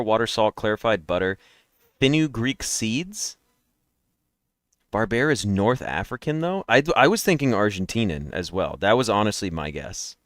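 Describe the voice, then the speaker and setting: A man's voice: on the low side, fairly bright tone, no echo, studio quality. A man streaming daily guessing games, chatting and rambling nonstop to his viewers through a headset mic while yawning. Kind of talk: casual live-stream chat.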